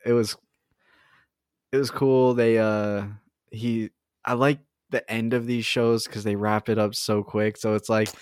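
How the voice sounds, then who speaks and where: A man's voice: on the low side, flat delivery, measured pace, darkish tone, clear, resonant tone, dry recording, studio quality. A man co-hosting a casual fan podcast, rambling with lots of fillers and frequent laughter. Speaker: podcast co-host.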